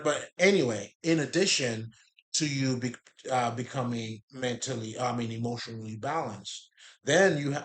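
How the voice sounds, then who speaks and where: A man's voice: mid-range voice, fairly bright tone. Guy rambling about emotions n mind control, cussing, street slang, laughs a lot. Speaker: spiritual talk host. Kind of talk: casual spiritual monologue.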